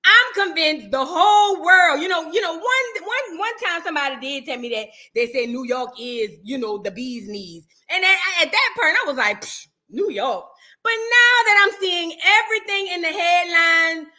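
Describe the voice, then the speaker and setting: A woman with a high, bright voice, spilling celebrity gossip as host in loose, sassy chat. She is animated and drawls some words, now and then singing a line. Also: moderate pace, hardly any pauses. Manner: animated, sassy, breaks into sung bits.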